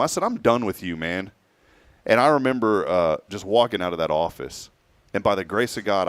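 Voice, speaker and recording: Brief: man, 40s, lowish voice, dry close sound, animated storyteller who slips into quoted voices. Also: clear, resonant tone, no room sound. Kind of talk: casual personal story on a talk show.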